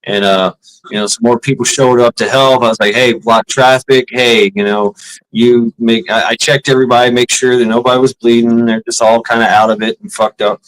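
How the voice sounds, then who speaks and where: Man, host, casual chat, swears a lot, acts out quotes, middle pitch. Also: brisk, low-quality recording. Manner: profane storytelling, animated quotes.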